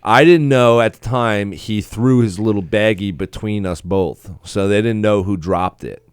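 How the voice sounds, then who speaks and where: A man's voice: on the low side, a little slow, clear, resonant tone, no echo, clean studio sound. A man, a comedian and co-host, telling a rambling, profane story in casual podcast chat.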